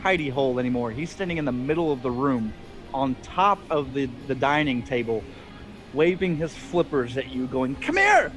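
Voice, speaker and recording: A man's voice: mid-range voice, normal speed, soft background music. A man narrating as game master of a tabletop game, loose and chuckling, full of fillers.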